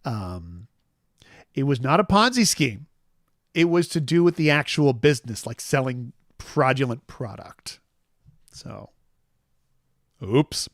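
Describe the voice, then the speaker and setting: A man's voice: medium pitch, slow pace, pauses often, no room sound. Rambling man telling a story, dry sound. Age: 40s. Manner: rambling, animated, with fillers and restarts. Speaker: host. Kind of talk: casual storytelling chat.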